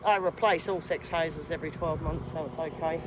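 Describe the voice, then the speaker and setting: A woman's voice: deep voice, steady tone, moderate pace, very noisy. A middle-aged woman with an Australian accent, chatting down-to-earth as she works outdoors on her farm, filming on a handheld phone. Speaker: farm vlogger. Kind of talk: casual vlog narration.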